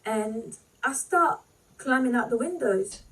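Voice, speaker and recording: A woman with a fairly high voice tells a painful personal story to her viewers. She is fighting back tears and speaks haltingly, leaning on "like" and "you know." Her voice sits a little distant from the mic. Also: animated, a bit bright. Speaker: vlogger.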